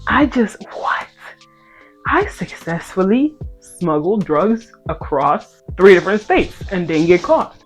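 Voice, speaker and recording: A speaker in their twenties telling a casual story and then a Bible talk to viewers, animated and playful, swinging between loud outbursts and hushed asides. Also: medium pitch, unhurried. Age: 20s. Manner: playful slangy banter with viewers. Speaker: content creator. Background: faint background music.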